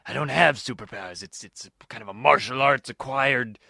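A man playing Spider-Bat, a gravelly melodramatic hero. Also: mid-range voice, brisk, pushed and bright, no echo, clean studio sound. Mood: heroic. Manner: gruff, melodramatic hero bravado. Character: earnest, pompous masked crimefighter. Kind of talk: comedy radio play.

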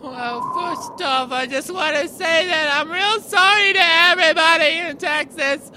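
Sorry-sounding childlike hurricane, played by a man, high and halting, noisy outdoor take. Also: sharp tone, some chatter behind, heavily acted. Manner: apologetic, halting, stammering. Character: weepy childlike hurricane, a little boy storm. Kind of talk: improvised sketch comedy.

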